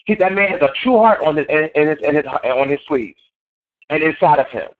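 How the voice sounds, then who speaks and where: A man's voice: on the high side, lively intonation, fairly quick. A man giving a motivational sales training talk in an emphatic, preachy way, repeating his key phrases. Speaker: network marketing trainer. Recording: tinny phone line.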